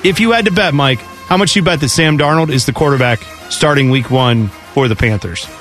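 A chatty, opinionated man talks sports on the radio, his voice sitting a touch high for a man. He rolls from one item to the next and mimics the people he quotes. Faint music plays underneath. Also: brisk, a bit bright. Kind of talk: casual sports radio chat. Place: radio studio.

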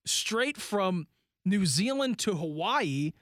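A man's voice: high-pitched, very animated, takes it slowly, fairly bright tone, dry recording, clean studio sound. A man co-hosting a podcast, telling a story in a rambling, casual way full of "like" and "you know". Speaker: podcast co-host. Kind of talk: casual chat.

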